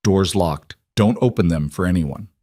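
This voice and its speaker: A man's voice: low-pitched, moderate pace, dark tone, dry recording. A man voicing a protective crime boss who speaks firmly to his lover, in a dry close recording. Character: protective male crime boss, tense and tender.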